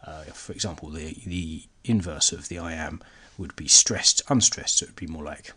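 With background noise behind him, a man with a rumbling low voice records a solo educational podcast on his laptop, talking at normal speed with few pauses. Still, he sounds hesitant, using many fillers and restarts, and his voice sometimes fades to a near-whisper.

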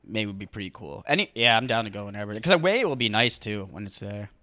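A man's voice: on the low side, expressive, sharp tone, no room sound, studio quality. A young man co-hosting a casual podcast, easygoing and agreeable. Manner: easygoing, agreeable, quick to laugh along. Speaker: podcast co-host. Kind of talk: casual chat.

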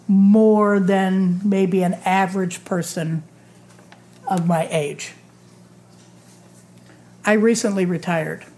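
A woman in her sixties who has just retired from teaching talks at an unhurried pace, letting her phrases stretch out. Her voice sits at an ordinary middle pitch. She sounds reflective and considered. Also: a little mellow. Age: 60s. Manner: slow, thoughtful, drawn-out phrasing. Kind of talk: reflective talk.

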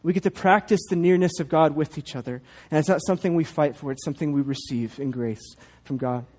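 A man's voice: on the high side, a little fast, darkish tone. A man in his thirties, a pastor, preaching a sermon and telling a family story with playful asides.

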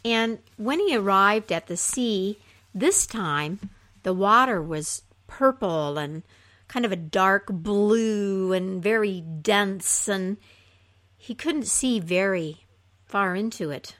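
A woman reads a fairy tale aloud at a leisurely pace. Her voice is expressive and rises and falls a great deal, and it drops softly at the ends of phrases. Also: medium pitch, slow pace. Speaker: storyteller.

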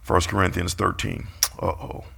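Gravelly preacher man, playful. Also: low voice, monotone, moderate pace, pushed and bright. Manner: playful, calls out the congregation, acts out quotes. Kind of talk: sermon.

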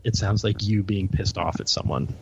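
A man's voice: on the low side, normal speed, vocal fry, very noisy. A man co-hosting a podcast, telling stories animatedly in casual chat, often stammering and repeating words. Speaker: podcast co-host. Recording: dull lo-fi audio.

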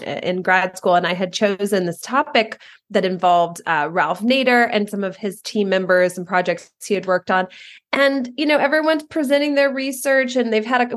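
A woman in her thirties hosting a casual interview, chatting eagerly and affirming her guest. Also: mid-range voice. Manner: friendly, quick affirmations and eager anecdotes. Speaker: podcast host.

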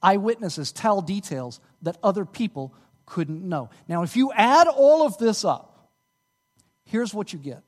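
A man preaching a sermon as pastor, animated and rising to emphatic peaks. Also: high voice, unhurried, big-room sound.

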